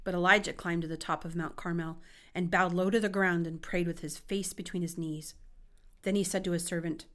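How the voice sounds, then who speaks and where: Woman reading scripture aloud, expressive. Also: fairly low pitch, fairly quick. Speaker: Bible reader.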